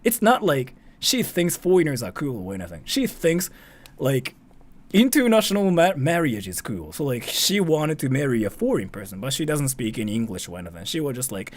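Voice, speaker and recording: A man's voice: fairly high pitch, very animated, a little fast. A young man from Japan, chatting casually on a livestream as he answers viewers' donation questions, in a rambling style full of "like" and "freaking".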